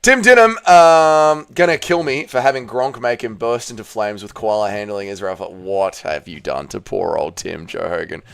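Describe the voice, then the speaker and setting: A man's voice: lowish voice, moderate pace, gravelly, hardly any pauses, fairly bright tone, clear, resonant tone. A man hosting a livestream, reading viewer comments aloud and reacting casually, with loose, swearing banter. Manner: laid-back, swears freely, reads chat aloud and reacts. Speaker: livestream host.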